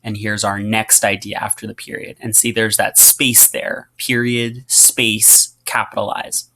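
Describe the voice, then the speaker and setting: A man teaching a writing lesson, explaining patiently with frequent fillers and reading example passages aloud with lively emphasis. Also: fairly low pitch, measured pace.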